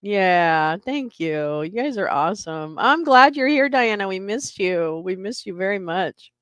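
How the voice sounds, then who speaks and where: Animated, laughing woman hosting a livestream. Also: medium pitch, a little slow, dry recording. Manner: animated, laughs often, reacts to viewers. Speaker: livestream host. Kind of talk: casual livestream chat.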